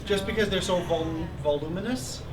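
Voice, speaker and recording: A man in his thirties hosting a live stream, talking casually and ranting with animated sarcasm. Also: high-pitched, moderate pace, a loud crowd. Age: 30s. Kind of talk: casual chat. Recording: distant mic with faint noise.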